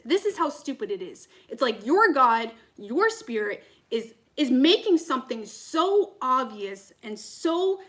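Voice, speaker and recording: A woman's voice: a little high, fairly bright tone. A woman, a tarot reader, ranting to camera in a heated, profane, rambling way between readings.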